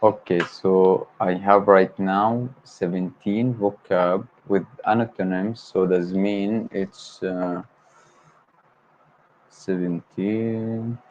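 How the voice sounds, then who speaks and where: A man's voice: deep voice, fairly even intonation, extremely slow, a little mellow, slight background noise. A man whose first language is Arabic, hosting a study livestream and hesitantly repeating English words aloud to memorize them. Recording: dull lo-fi stream audio.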